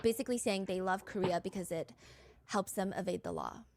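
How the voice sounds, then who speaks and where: A woman narrating a true-crime story in a brisk podcast style, quoting text messages as she goes. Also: medium pitch, background noise.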